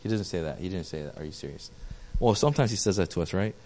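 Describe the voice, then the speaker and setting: A man's voice: sits low, lively intonation, very fast, a little mellow, slight background noise. Joking, chatty young pastor, a man. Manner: chatty, self-deprecating, talks with the audience. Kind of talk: casual sermon to a small congregation.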